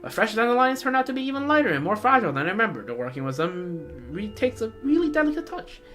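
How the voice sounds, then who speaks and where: A woman's voice: medium pitch, sing-song, quick pace, fairly bright tone, faint music behind. Cheerful fireworks girl. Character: cheerful young woman fireworks maker. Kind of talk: game voice acting.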